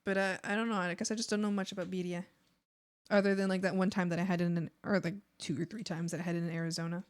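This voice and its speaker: A woman's voice: fairly low pitch, level tone, fast talker, smooth. A young woman with an American accent, a native Spanish speaker, chatting casually as a streamer while drawing. She rambles along with lots of fillers and restarts.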